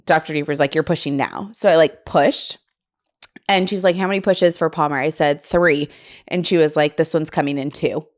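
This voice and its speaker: A young podcast host with a low voice tells a story at a moderate pace in casual conversation. She's animated, laughing often and performing the voices of the people she quotes.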